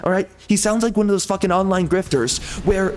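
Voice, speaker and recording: A gaming streamer ranting furiously, swearing constantly and circling back to the same complaints. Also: male voice, sits high, a little fast, a little mellow, slight background noise. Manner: mocks others in a put-on sugary tone. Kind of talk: angry profane rant.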